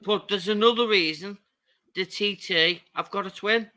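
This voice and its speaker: A man's voice: high-pitched, moderate pace, pushed and bright. A man with a Scouse accent chatting on a casual stream, rambling and repeating himself. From England. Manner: rambling, repeats words, laughs easily.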